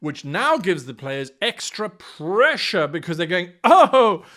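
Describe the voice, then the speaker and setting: A man giving game master advice in an enthusiastic, animated manner, playfully acting out players and slipping into accents. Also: fairly high pitch, a little slow.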